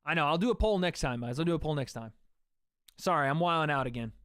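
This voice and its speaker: Man, livestream fight commentary, chatty, swearing, somewhat high voice, dry close sound. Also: fast, fairly bright tone, smooth, no echo. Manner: chatty, swears freely, talks to chat between calls. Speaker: livestream host. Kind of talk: fight watch-party commentary.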